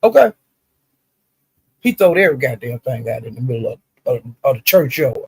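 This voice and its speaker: A man's voice: mid-range voice, very animated, normal speed, vocal fry, a little mellow, slightly rough, no room sound. A man telling gossip casually and with animation, full of profanity, often calling out "honey" and "child.". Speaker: commentator recapping online live-stream drama.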